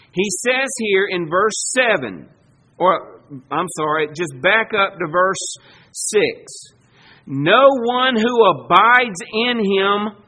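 A man's voice: high-pitched, pushed and bright, slight background noise. A man preaching a sermon, emphatic and rising in volume when he quotes scripture. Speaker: pastor.

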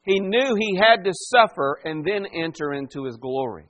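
A man with a high voice preaches a sermon. He slips into the voices of the people in his story and keeps putting pointed questions to his listeners. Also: lively intonation, moderate pace, a bit bright, faint music behind. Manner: dramatic voicing of quoted figures, rhetorical questions. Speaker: pastor.

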